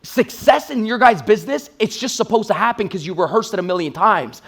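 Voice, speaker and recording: A man giving an energetic, blunt motivational talk as a sales trainer, telling stories and swearing freely. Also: high voice, brisk, gravelly, husky. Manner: energetic, blunt storytelling with profanity.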